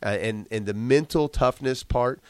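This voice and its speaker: A man's voice: mid-range voice, moderate pace, a little mellow, clear, resonant tone, dry recording. A man with a congested voice and a slight cough, telling earnest motivational stories in a casual podcast chat with frequent restarts. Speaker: guest, business owner.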